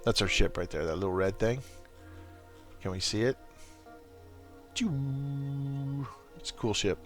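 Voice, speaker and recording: A man's voice: medium pitch, takes it slowly, long pauses, soft background music. Chatty man commenting on gameplay. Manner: chatty, self-correcting asides. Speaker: let's play host.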